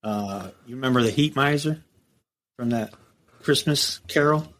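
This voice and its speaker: A middle-aged man from the United States, a former prison captain, telling a story as a podcast guest in a casual, profane, animated way. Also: medium pitch, measured pace. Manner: profane, animated storytelling, acts out quoted dialogue.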